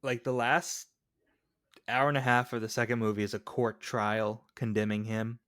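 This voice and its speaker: A man's voice: medium pitch, little pitch movement, normal speed, a bit bright, no echo, studio quality. A man co-hosting a podcast, chatting casually about a film and animatedly retelling scenes, acting out the lines. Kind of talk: casual film discussion chat.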